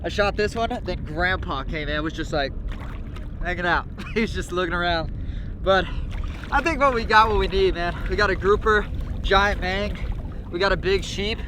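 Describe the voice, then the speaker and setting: A young man vlogging from a boat at sea, talking casually in an excitable, slangy way. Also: high voice, moderate pace, noisy background. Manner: excitable, slangy, peppered with "like" and "dude". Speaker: fishing vlogger. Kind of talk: casual vlog narration.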